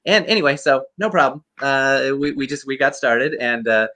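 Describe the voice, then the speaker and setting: A man who is a guest actor, telling animated anecdotes in a casual interview with many restarts. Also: medium pitch, moderate pace.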